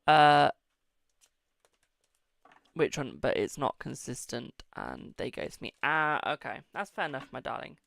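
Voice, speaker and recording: A man's voice: medium pitch, a little slow, vocal fry, long pauses, fairly bright tone, dry recording, studio quality. A British man hosting a live-stream tarot reading, chatty and affectionate, calling viewers darling and boo.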